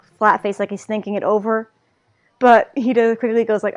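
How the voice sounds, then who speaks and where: A woman co-hosting a podcast, chatting in an animated way and retelling scenes. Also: a little high, moderate pace. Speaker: podcast co-host. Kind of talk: casual anime discussion.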